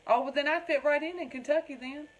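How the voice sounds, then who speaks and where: A woman's voice: high voice, fairly even intonation, fast, low-quality recording. A woman with a Southern American accent hosting a craft livestream, chatting in a folksy way and answering viewer comments by name. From North Carolina. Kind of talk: casual livestream chat reading viewer comments.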